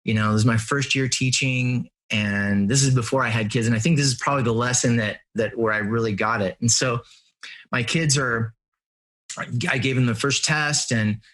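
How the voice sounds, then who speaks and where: Earnest, animated middle-aged man. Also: mid-range voice, normal speed. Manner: earnest and animated, acts out quotes, laughs at himself. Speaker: interview guest, family and business coach. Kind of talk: conversational storytelling.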